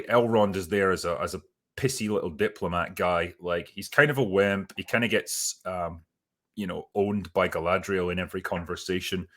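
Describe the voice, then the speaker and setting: Low-voiced man ranting sardonically. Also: a bit bright. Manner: sardonic and profane, with many fillers. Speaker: host reviewing a TV series. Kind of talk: casual spoken review.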